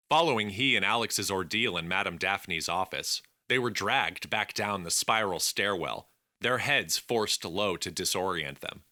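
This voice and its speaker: A man with a fairly low voice narrates an audiobook, telling the story in a measured, expressive way. The recording is studio quality with no room sound.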